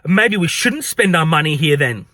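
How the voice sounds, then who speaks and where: A woman's voice: sits low, lively intonation, moderate pace, fairly bright tone, no echo. A man putting on a rude, scornful woman customer. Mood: sulky. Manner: scornful, complaining.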